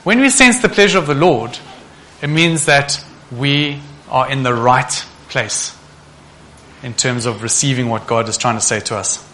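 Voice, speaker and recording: A man preaching a sermon, often putting rhetorical questions to the congregation in a lively, animated way. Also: mid-range voice, unhurried, slight background noise. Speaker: pastor.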